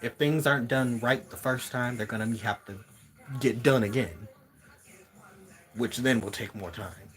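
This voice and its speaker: A man's voice: mid-range voice, a little slow, pauses often, fairly bright tone. A man giving a casual spiritual card reading to viewers, musing aloud and repeating words as he searches for messages. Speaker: tarot reader.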